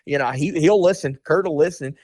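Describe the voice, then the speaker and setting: A man's voice: on the high side, a little mellow, no room sound. Blunt man giving inside sports talk. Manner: blunt, candid, fills pauses with "you know" and "um". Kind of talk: radio sports talk interview.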